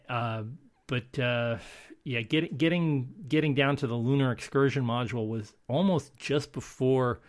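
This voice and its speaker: A man in a relaxed conversation who wanders through his points, doubling back on his words and leaning on "uh" and "you know." His voice sits at an ordinary middle pitch. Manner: rambling with frequent restarts and fillers. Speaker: podcast co-host. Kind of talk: casual chat.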